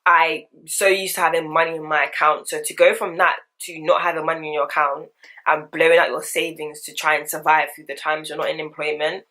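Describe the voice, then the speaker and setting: A woman, chatting candidly in slangy, animated talk for a get-ready-with-me vlog. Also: low voice. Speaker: vlogger. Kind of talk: casual get-ready-with-me chat.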